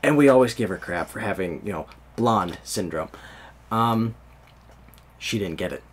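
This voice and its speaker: A man's voice: lowish voice, lively intonation, normal speed. A young man from the United States hosting a podcast, rambling in casual chat and laughing often. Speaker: podcast host.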